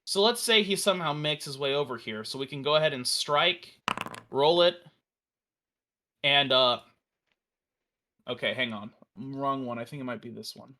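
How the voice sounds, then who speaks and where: A man casually walking through a software demo on a live stream, enthusiastic and rambling, with fillers and restarts. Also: medium pitch, moderate pace, long pauses. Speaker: developer demoing a virtual tabletop.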